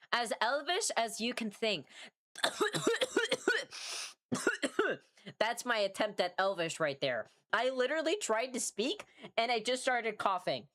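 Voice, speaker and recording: A woman with a mid-range, slightly bright voice livestreams herself drawing. The chat is casual and rambling, full of self-mockery and free swearing, and she sounds worn out.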